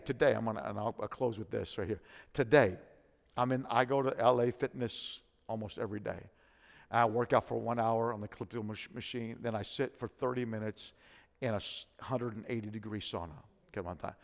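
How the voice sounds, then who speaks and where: A male pastor tells a story from the pulpit in a rambling, conversational way, dropping in "kind of thing" and "come on now." His voice is deeply gravelly, and it rings out with the long reverb of a large hall. His pitch sits in a typical middle range for a man. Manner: conversational, builds to shouting fervor. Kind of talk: sermon storytelling.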